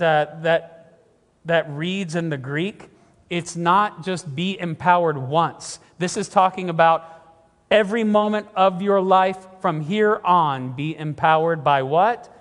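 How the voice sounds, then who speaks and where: A man's voice: fairly high pitch, in a large hall. A middle-aged man preaching a sermon, earnest and emphatic, often repeating his words. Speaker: pastor.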